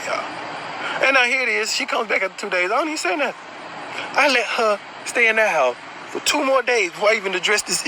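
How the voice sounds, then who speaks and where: Animated, swearing man telling his story. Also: sits high, noisy background. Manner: animated, blunt, swears freely. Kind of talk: casual storytelling.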